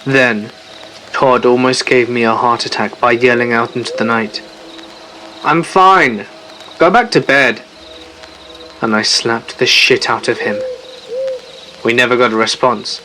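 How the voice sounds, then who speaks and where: A man telling a first-person horror story in a steady, measured narration. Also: medium pitch, a little hiss or hum, poor audio. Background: faint music.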